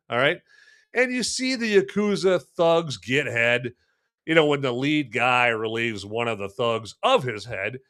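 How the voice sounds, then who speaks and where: A man's voice: mid-range voice, animated, measured pace, a bit bright. A man hosting a live movie review podcast, rambling and joking while answering the live chat. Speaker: podcast host.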